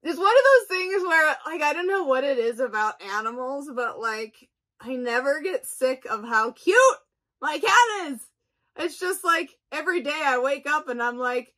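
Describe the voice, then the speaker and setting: A woman's voice: sits high, animated, normal speed, bright, forceful tone. A woman on a podcast panel, chatting in a bubbly, gushing way. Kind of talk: casual chat.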